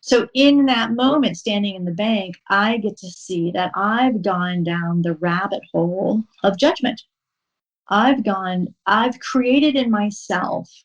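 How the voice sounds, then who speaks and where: A woman guest on a podcast interview, calmly and patiently explaining a mindfulness practice step by step, pausing now and then with an um. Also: medium pitch, poor audio. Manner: calm, instructive, unhurried with frequent um pauses. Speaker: podcast guest, horse-assisted wellness coach.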